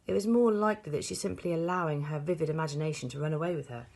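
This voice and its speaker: Low husky woman reading a storybook. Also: racing, few pauses, a little mellow. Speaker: audiobook reader. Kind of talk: storybook read-aloud.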